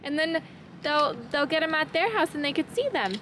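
High, lively mother cooing to her toddlers. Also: normal speed. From Southern California. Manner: sing-song, cooing baby talk to her children. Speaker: mother and family vlogger. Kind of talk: casual home vlog talking with toddlers. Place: family home indoors. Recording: echoey room with clear background noise.

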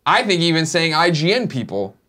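Animated man hosting a chat show. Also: a little high, brisk. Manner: animated, swearing, laughing loudly. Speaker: show host. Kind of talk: casual chat. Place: studio.

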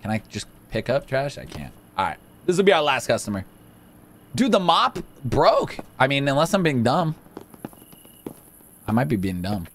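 Excitable man with a lively voice. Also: medium pitch, moderate pace, long pauses, a little hiss or hum. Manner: excitable, jokey, talks to game characters. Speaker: gaming video host. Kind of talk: casual let's-play commentary.

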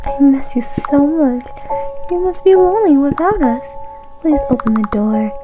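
High coaxing monster pretending to be mom, a lady doing it, sing-songy and pleading, game music behind. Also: animated, unhurried. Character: creature faking a sweet mother's voice.

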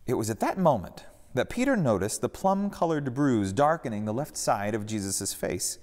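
A man narrating a story in an expressive, storytelling way during a church service. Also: mid-range voice, normal speed, in a large hall. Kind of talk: scripted narration.

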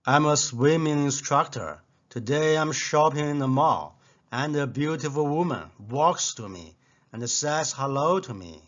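A man whose first language is Chinese, reading short jokes aloud in a deadpan way. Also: a little high, a little slow, lo-fi sound. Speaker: joke teller. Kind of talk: scripted joke telling.

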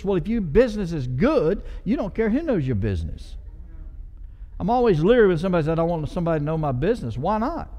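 A man preaching a passionate sermon as pastor, mixing loud swells with conversational asides. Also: high voice, in a large hall.

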